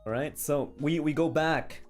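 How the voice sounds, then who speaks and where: A man's voice: on the high side, a little slow, faint music behind. A male streamer telling a long story to his chat in a casual, rambling way, often checking in with "okay?" and "right?".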